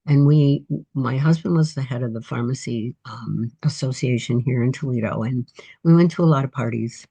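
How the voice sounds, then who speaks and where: A woman's voice: rumbling low, moderate pace, dark tone, husky. A woman in her eighties, an author guest telling life stories in a reflective, encouraging way. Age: 80s. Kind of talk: casual interview storytelling.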